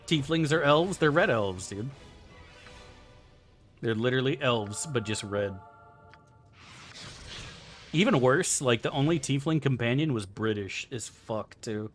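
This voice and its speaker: A young man live-streams a game, reading chat and bantering with viewers casually and profanely as he plays. His voice is mid-range with a fairly bright tone.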